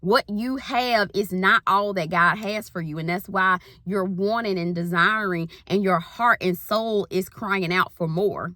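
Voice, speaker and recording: A woman's voice: medium pitch, unhurried, hardly any pauses, pushed and bright, no echo, studio quality. A woman in her thirties, a spiritual life coach, giving a rambling, folksy pep talk in casual Southern slang. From Southern US countryside. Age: 30s.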